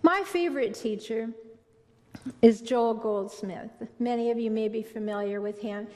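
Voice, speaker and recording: A middle-aged woman giving a spiritual talk on relationships to an audience, telling stories with gentle emphasis. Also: a little high, measured pace. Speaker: relationship speaker. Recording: long hall reverb.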